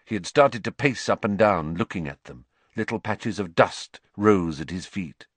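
A man narrating an audiobook in an expressive, measured way. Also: on the low side, dry recording.

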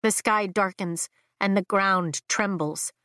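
A woman narrating a fantasy novel in the first person, with a measured, emotive reading. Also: medium pitch, a bit bright, no echo, clean studio sound. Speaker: audiobook narrator.

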